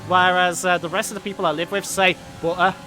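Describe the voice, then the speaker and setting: West Midlands English man, high crisp voice, casual banter while gaming. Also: steady tone, fast, bright, forceful tone, faint music behind. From England. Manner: bantering, laughing at himself. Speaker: streamer racing with friends.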